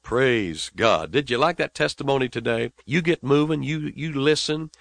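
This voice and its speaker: A man's voice: mid-range voice, moderate pace, vocal fry, no room sound. Dramatic male preacher, dry close sound. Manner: dramatic, swinging between hushed and loud. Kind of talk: radio sermon storytelling.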